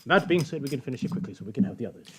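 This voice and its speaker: A man's voice: medium pitch, lively intonation, racing, over a noisy crowd. An older man chatting playfully as a guest on a drinking stream, stumbling over restarts as he talks. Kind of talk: casual chat on a drinking stream.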